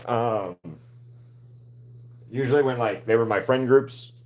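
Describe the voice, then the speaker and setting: A man's voice: mid-range voice, slow pace, a little mellow. A young adult man chatting casually and rambling, with the odd swear word, as he paints on a livestream. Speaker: artist livestreaming a painting session. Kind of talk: casual chat while painting.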